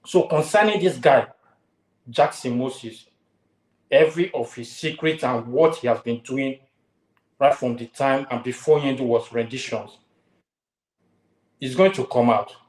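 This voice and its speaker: A man lecturing hard on a talk show, hammering the same warnings again and again. His voice sits at an ordinary pitch, and the room rings with echo around it. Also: unhurried, pauses often. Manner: forceful, repetitive warnings. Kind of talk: heated online talk show.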